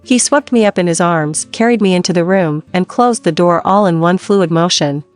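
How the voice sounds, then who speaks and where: A woman reading a first-person romance story in a calm, even scripted narration. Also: fairly low pitch, moderate pace, clear, resonant tone, faint music behind.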